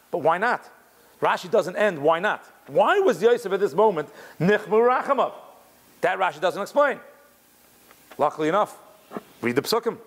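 Animated man teaching a Torah class. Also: high voice. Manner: animated, restarts often, mixes Hebrew terms. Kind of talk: religious text class, explaining commentary.

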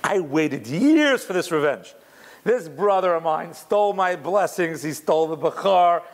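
A man's voice: fairly high pitch, animated, a little slow. A man voicing a vengeful older brother who is confused about why he now feels love, speaking in exclamations during a religious class. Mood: aggrieved. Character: bewildered vengeful older brother, torn between hate and love.

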